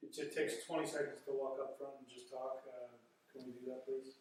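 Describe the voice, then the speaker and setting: A man acting as moderator, passing along the online audience's requests in a practical, hurried way. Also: medium pitch, little pitch movement, a little mellow, a little hiss or hum, poor audio.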